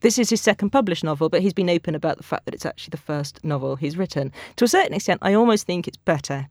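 A woman working as a books editor, speaking as a guest critic in a radio review discussion with animated, chatty enthusiasm. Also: lowish voice, no echo, clean studio sound.

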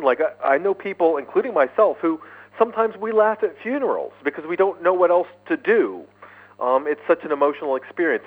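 A male author being interviewed by phone, speaking in an animated way and often repeating words as he starts sentences. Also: a little high. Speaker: guest author, neuroscientist. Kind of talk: interview over phone line. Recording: tinny phone line.

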